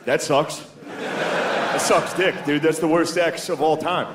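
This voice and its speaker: A man doing a stand-up comedy set, profane and self-mocking, jumping into high voices when he quotes people. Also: steady tone, takes it slowly, heavy background noise. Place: comedy club stage with a live audience. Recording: roomy club with loud crowd laughter.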